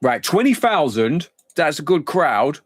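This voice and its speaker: A man's voice: fairly high pitch, very animated, unhurried, breathy edge, dry recording, clean studio sound. A man streaming a football management game live, thinking aloud in a rambling, casual way.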